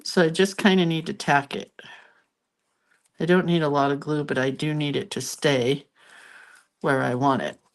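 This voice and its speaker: This woman's low-pitched voice keeps a steady tone at a moderate pace, with long pauses. She hosts a casual crafting demo while congested and sniffly, chatty and self-deprecating, laughing at herself as she works.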